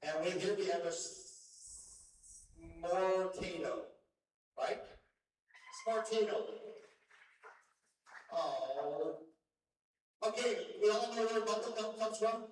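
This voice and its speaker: High-voiced man announcing in an echoey ring. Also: slow pace, long pauses. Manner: playful, teasing banter with kids. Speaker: show emcee. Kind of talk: live announcing to a crowd. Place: county fair show ring. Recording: echoey, distant, faint noise.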